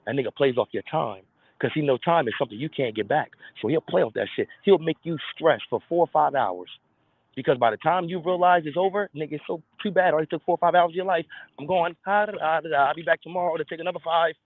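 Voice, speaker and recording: A man talks fast in a casual, blunt monologue full of profanity, now and then acting out other people's voices. His voice sits a little high for a man. The sound is tinny and dry, with no room around it. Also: no room sound.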